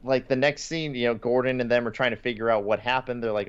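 A man's voice: mid-range voice, fairly even intonation, quick pace, clear, resonant tone. A man co-hosting a casual podcast, retelling cartoon scenes and quoting lines with little laughs. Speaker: podcast co-host. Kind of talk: casual chat. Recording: slightly dull lo-fi podcast audio.

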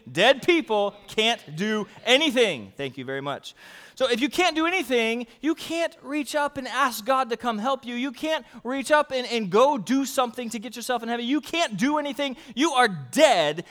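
A man preaching a sermon, energetic and playful, calling on the congregation to repeat words back to him. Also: high-pitched, big-room sound. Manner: energetic, playful, calls for audience responses. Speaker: pastor.

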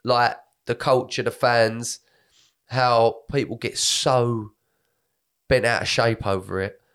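A man, co-hosting a casual podcast chat, sweary and animated as he tells stories. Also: mid-range voice, slow pace, clear, resonant tone. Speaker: podcast co-host.

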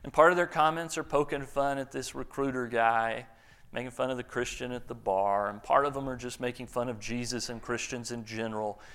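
A man's voice: mid-range voice, steady tone, a little fast, a bit bright, clean tone. A man preaching a sermon, telling a story earnestly with small restarts.

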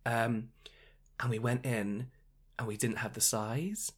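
A man's voice: mid-range voice, steady tone, takes it slowly, breathy edge. Chatty man telling stories. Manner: rambling anecdotal storytelling, many fillers. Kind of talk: casual chat.

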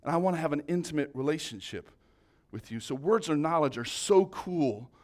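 A man's voice: a little high, lively intonation, normal speed. A man preaching a sermon, telling a story in a casual, conversational way with many restarts. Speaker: pastor.

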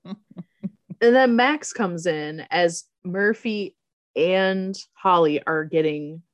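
A woman's voice: fairly low pitch, slow, no echo, highs cut off. A woman in casual chat, recapping a movie plot with frequent laughter and acted-out quotes. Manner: laughs often, acts out quoted lines. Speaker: podcast co-host recapping a movie.

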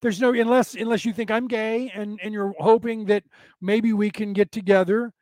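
A man's voice: high-pitched, steady tone, moderate pace, a little mellow, no room sound. A man hosting a podcast class, talking in a rambling, sarcastic monologue with profanity, acting out quoted exchanges. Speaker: podcast host teaching a class. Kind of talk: casual lecture-style monologue.

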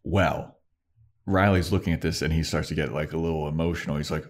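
A man with a low, deep voice co-hosts a casual talk show, walking through a TV episode scene by scene. He slips into the characters' lines as he retells them and laughs easily. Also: fairly even intonation, fairly quick. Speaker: podcast co-host. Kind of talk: casual chat recapping a TV episode.

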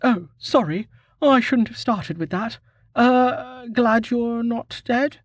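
A man's voice: very high voice, takes it slowly, no echo, studio quality, pitched above the performer's own voice, exaggerated voice. A man doing a brash, impatient young woman in a storybook. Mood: eager, pouting. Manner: eager, pouty.

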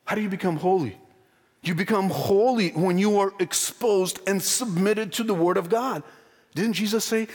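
High-voiced guy preaching a sermon, earnest, goes slow and low on scripture quotes, big hall echo. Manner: earnest, emphatic, rhetorical questions. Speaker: pastor. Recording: long hall reverb.

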